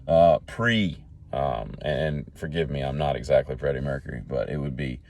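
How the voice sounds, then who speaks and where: A man's voice: extremely low pitch, moderate pace, vocal fry, a little mellow, no room sound. A man hosting a solo talk show, rambling from one joking tangent to the next in a folksy way. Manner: jokey, tangent-jumping, folksy. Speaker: podcast host.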